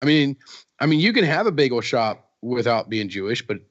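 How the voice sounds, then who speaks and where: A man co-hosting a podcast in casual, excitable, wisecracking chat. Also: mid-range voice, brisk, slight background noise. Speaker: podcast co-host. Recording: dull, dry sound.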